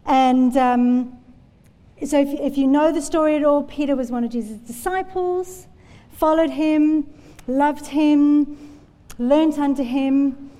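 A woman's voice: high-pitched, fairly even intonation, slow pace, dark tone. A woman preaching a sermon in a church, telling Bible stories in an earnest, conversational way. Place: church hall. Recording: long hall reverb.

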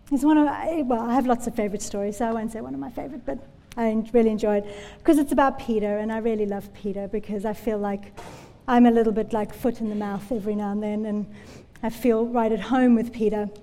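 A woman's voice: on the high side, steady tone, fairly quick, mellow. A woman preaching a sermon in a church, telling Bible stories in an earnest, conversational way. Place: church hall. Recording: long hall reverb.

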